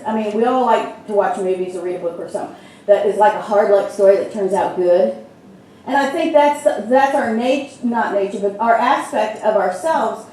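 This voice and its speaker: A woman's voice: mid-range voice, dark tone, a little hiss or hum. Echoey middle-aged woman minister preaching. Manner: conversational, storytelling with frequent fillers. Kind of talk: sermon. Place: church sanctuary. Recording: very echoey hall from far off.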